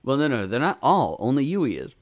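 A man's voice: mid-range voice, a little fast. A man co-hosting a casual podcast, recapping episodes with swearing and acted-out character lines. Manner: animated, swearing, acts out characters' lines in raised voices. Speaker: podcast co-host. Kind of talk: casual chat recapping an anime.

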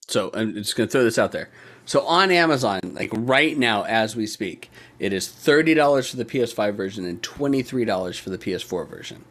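A man's voice: on the low side, expressive, brisk, a bit bright. A man co-hosting a casual podcast, joking and teasing, swearing freely. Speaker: podcast co-host. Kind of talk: casual chat.

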